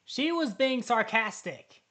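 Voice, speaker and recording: A woman hosting a reaction channel talks back indignantly to the clip she's watching, in casual commentary. Her voice is on the high side, animated, slow, and a bit bright.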